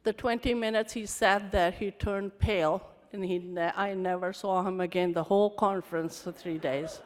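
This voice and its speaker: A middle-aged woman giving a candid, animated storytelling talk at a conference. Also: medium pitch, moderate pace. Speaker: conference speaker. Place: conference hall. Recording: reverberant hall.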